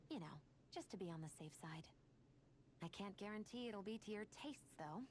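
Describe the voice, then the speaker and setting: A woman's voice: medium pitch, animated, normal speed, darkish tone, lightly acted. A woman voicing a cool, dry-witted young woman in a dubbed video game cutscene, matter-of-fact in tone. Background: game music.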